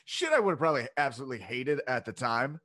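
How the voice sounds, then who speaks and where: A man's voice: medium pitch, very animated, fast talker, sharp tone. A man hosting a podcast in casual chat, loose, rambling and profane. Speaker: podcast host. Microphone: home podcast mic, separate channel.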